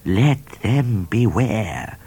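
A man's voice: lowish voice, lively intonation, extremely slow, warm tone, husky, pitched above the performer's own voice, full character voice. A man voicing a menacing male cat who poses as a bushranger and snarls threats.

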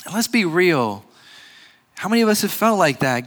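Guy preaching, earnest and slow-paced, kinda higher voice, stops and restarts a lot. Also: lively intonation, a bit bright. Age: adult with a grandfather recently passed. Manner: earnest, measured, frequent restarts and pauses. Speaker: pastor. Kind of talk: sermon.

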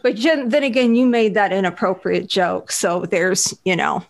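A woman's voice: mid-range voice, normal speed. A woman co-hosting a casual movie review chat, sarcastic and mock-indignant. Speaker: podcast co-host.

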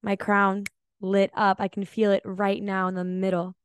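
A woman hosting a solo spiritual podcast, telling a personal story in an earnest, emotional and confessional way, often slow and reflective. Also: medium pitch, monotone, smooth, no room sound, studio quality. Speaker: podcast host.

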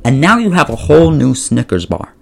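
A man's voice: mid-range voice, very animated, a little fast, gravelly, husky. Rambling, self-correcting male podcast host. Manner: rambling, often correcting himself mid-sentence; playful, pleading directly with listeners. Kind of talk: casual solo podcast chat.

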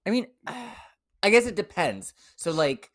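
A young man co-hosting a podcast, telling his dating stories in a blunt, profane, animated way. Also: high voice, measured pace, dry recording, clean studio sound. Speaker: podcast co-host. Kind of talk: casual chat.

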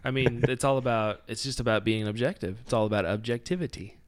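A man co-hosting a podcast in casual chat, laid-back, his voice sinking quiet at times. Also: mid-range voice, fairly even intonation, fast. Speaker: podcast co-host.

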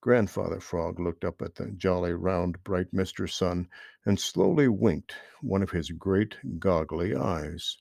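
A man reading a children's storybook aloud in an expressive, animated way. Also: sits low, measured pace, gravelly, no echo, clean studio sound.

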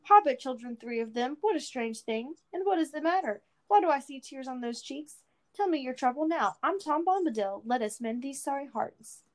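A woman voicing a jolly, bouncing old forest man in a storybook reading, loud, hearty and sing-song. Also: sits high, animated, moderate pace, voice pushed up. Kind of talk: storybook reading with character voices.

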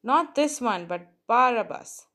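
A woman reading as an angry shouting crowd. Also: mid-range voice, lively intonation, slow pace. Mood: demanding. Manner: raised, insistent reading.

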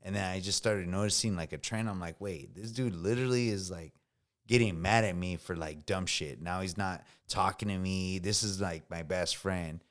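This podcast guest, a veteran in his thirties, has a voice that sits low and speaks at normal speed. He spins stories in casual slang, cursing freely and dropping "bro" often.

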